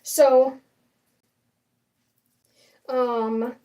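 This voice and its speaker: A young woman chats through a casual livestream in a high but mellow voice, restarting sentences and leaning on fillers as she gives her opinions. She sits a little back from the mic, so the sound is slightly distant. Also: little pitch movement, drawn-out words. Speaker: livestream host.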